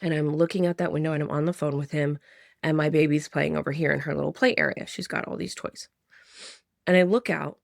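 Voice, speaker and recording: A woman's voice: deep voice, steady tone, brisk, creaky, dry recording, studio quality. A woman in her thirties telling a personal story to camera in a chatty way, full of "like", restarts and sighs. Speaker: vlogger.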